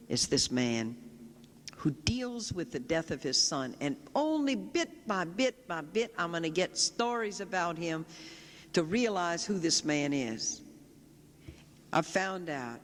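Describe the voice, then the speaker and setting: A Catholic sister giving a public talk, telling a story vividly and often quoting people directly. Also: female voice, deep voice. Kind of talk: storytelling lecture. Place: large chapel. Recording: long reverb of a large chapel.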